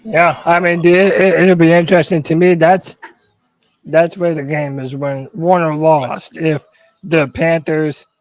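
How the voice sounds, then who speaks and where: Animated sports podcast co-host, high pitch, dry close mic. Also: male voice, measured pace, no echo. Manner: animated, asks the panel questions. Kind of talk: casual sports talk.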